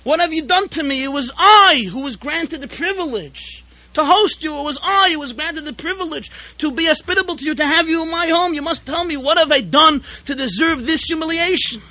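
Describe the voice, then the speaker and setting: A man's voice: very high voice, unhurried, pushed and bright, no room sound, pitched above the performer's own voice, exaggerated voice. A man voicing a wealthy male town host, eager at first and then distraught, pleading and insistent, on a dull lo-fi tape recording.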